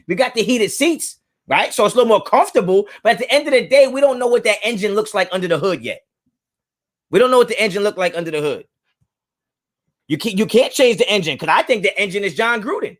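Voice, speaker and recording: A man with a high-pitched, animated voice talks at a quick pace as he hosts a live sports fan stream. He speaks casually and emphatically to his chat, addressing it directly and repeating his points.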